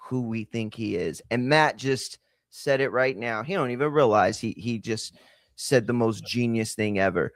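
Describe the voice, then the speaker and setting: A man's voice: lowish voice, moderate pace, creaky, no room sound, clean studio sound. A man hosting a casual combat sports podcast, talking animatedly and joking, with many repeated words. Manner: animated, repeats himself, jokey. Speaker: podcast host.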